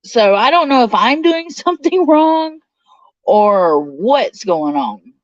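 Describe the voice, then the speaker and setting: A woman with a slightly high, sing-song voice hosts a casual livestream at a slow pace, reading viewer comments aloud and replying. There's no room sound, and the recording is dull and slightly lo-fi.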